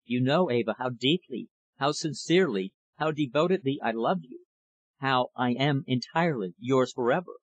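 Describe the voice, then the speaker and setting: A man voicing an ardent young gentleman in a storybook reading, earnest and impassioned. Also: medium pitch, expressive, moderate pace, no echo, muffled recording, lightly acted. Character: ardent young gentleman declaring his love.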